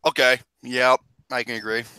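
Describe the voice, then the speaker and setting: A man co-hosting a casual podcast, loud and excitable, laughing often and swearing freely. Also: medium pitch, moderate pace, clear, resonant tone, rough recording. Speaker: podcast co-host.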